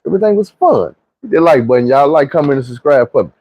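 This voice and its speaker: Southern guy telling a wild storytime, husky voice, pitch all over the place. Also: quick pace, dry recording, muffled recording. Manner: animated, slangy, profane storytelling. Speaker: storyteller vlogger. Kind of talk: casual storytime monologue.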